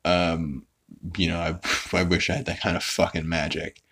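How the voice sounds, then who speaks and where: Low-voiced man recapping casually. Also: flat delivery, moderate pace, fairly bright tone. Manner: rambling and profane, with many fillers. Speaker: podcast host.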